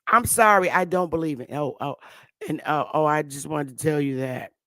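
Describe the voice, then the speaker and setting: A man's voice: fairly high pitch, moderate pace, a bit bright, no echo, clean studio sound. A man hosting his own online show, ranting casually to viewers in a loose, mocking, slangy way, full of asides and restarts.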